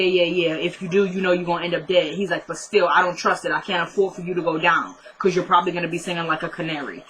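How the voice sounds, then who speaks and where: A woman's voice: fairly bright tone, low-quality recording. Chatty woman recapping a TV episode. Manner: acts out characters' lines with pitch jumps.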